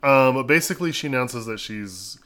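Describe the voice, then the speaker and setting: A man co-hosting a casual podcast, relaxed and amused. He talks in a halting way, restarting and trailing off as his thoughts catch up. His pitch sits in an ordinary middle range. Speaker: podcast co-host. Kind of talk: casual recap chat.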